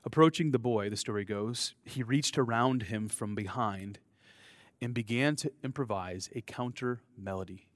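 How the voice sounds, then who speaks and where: A man's voice: medium pitch, moderate pace, no echo. A man preaching a sermon as a pastor, telling a story in a conversational way with candid personal asides.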